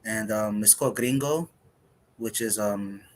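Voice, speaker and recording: A poet who is half Dominican and half Puerto Rican and grew up in the United States performs spoken word poetry, measured and reflective, with pauses. His voice is lowish, with a little hiss or hum.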